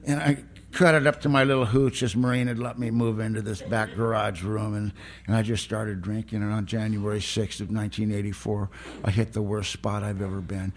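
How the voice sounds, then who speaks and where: A man's voice: lowish voice, little pitch movement, a little fast. A middle-aged man, telling his own story at a recovery meeting in a raw, plain-spoken way. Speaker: recovery speaker.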